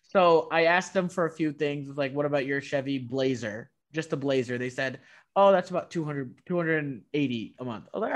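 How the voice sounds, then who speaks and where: A man chatting casually, telling a long story with many restarts and quoting salespeople in a flat voice. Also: fairly high pitch, fairly quick. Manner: rambling, many restarts, quotes dealers in a flat voice. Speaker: guest telling a car story. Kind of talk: casual chat.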